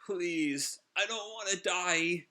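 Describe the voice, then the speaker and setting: A man's voice: sits high, takes it slowly, bright, forceful tone, voice pushed up, exaggerated voice. A man voicing a desperate male villain scientist who whines and begs for mercy. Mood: pleading. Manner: whiny, begging.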